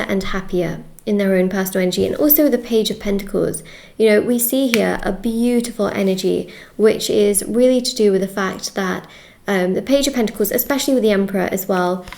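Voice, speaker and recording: A woman's voice: mid-range voice, vocal fry, a little mellow. Chatty woman giving a tarot reading. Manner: chatty, repeats phrases, checks in with "okay?". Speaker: tarot reader. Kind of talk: casual tarot reading to camera.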